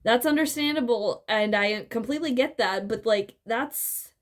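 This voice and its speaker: A woman's voice: fairly high pitch, normal speed. A woman giving casual spoken commentary, rambling with lots of fillers and restarts and some blunt swearing. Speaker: video essayist.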